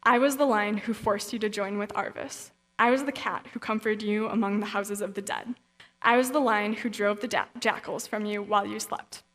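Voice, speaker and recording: A woman reading the part of a mysterious lion who speaks from the mist, steady and solemn, in her own voice. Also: mid-range voice, normal speed, lightly acted. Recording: long reverb of a hall.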